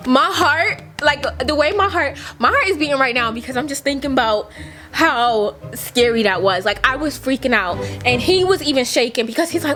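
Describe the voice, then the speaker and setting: A woman's voice: lively intonation, moderate pace, sharp tone, soft background music. A young woman vlogger telling a casual story, chatty and profane, full of "like" and acted-out quotes. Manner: chatty, profane, fillers like "like" everywhere; acts out quotes with big jumps in pitch.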